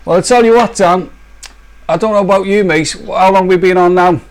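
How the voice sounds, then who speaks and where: A man's voice: high-pitched, a little fast. A man with a Black Country accent, co-hosting a live stream in rambling, jokey casual banter and laughing often. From English Midlands. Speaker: co-host of a vaping live stream.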